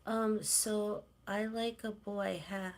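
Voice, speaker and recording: A middle-aged woman from Canada, chatting casually on a livestream and cooing softly to her cats. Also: mid-range voice, level tone, takes it slowly. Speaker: livestream host.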